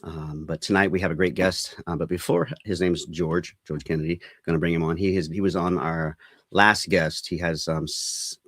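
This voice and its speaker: Podcast host man, very low voice, dry close sound, earnest, rambling. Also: steady tone, normal speed, fairly bright tone, no room sound. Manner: rambling, earnest, many fillers. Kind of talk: casual podcast chat.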